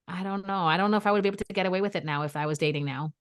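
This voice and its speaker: A woman, co-hosting a podcast and telling dating stories in a lively, chatty way, acting out quotes. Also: fairly low pitch, very fast, clean tone. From New York area. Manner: animated storyteller, acts out quotes. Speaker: podcast co-host. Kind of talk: casual chat.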